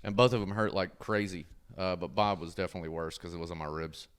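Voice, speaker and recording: A man's voice: sits low, fairly even intonation, quick pace, clear, resonant tone. A man telling a story as a podcast guest in a laid-back, casual way, swearing and using "dude" and "like" a lot.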